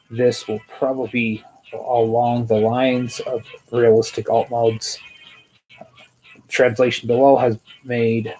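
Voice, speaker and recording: A man's voice: mid-range voice, dark tone, poor audio. A man hosting a casual toy news show, rambling and hesitant, with many fillers, tired and yawning. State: sleepy, yawning.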